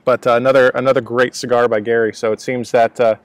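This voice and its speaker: Man, mid-range voice, chatty rambling reviewer, halting delivery. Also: medium pitch, level tone, no echo. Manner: rambling, many fillers and restarts. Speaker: cigar reviewer. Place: outdoors at a laptop, breezy day.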